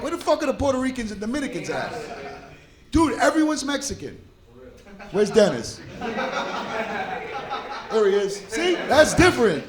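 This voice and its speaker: A man doing profane, animated stand-up crowd work on a club stage. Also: extremely high pitch, normal speed, pauses often. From New York. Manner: brash, profane, animated banter with audience. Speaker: stand-up comedian.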